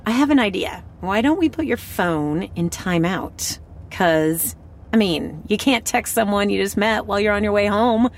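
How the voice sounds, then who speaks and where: A woman's voice: medium pitch, lively intonation, normal speed. An actress playing a wry, scheming young female hacker who mutters dry asides to herself. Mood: coaxing.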